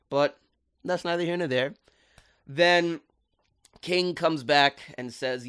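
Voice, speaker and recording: A man giving casual video commentary on a cartoon episode, animated and full of slang. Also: fairly high pitch, normal speed, gravelly, clean tone. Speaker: cartoon reviewer.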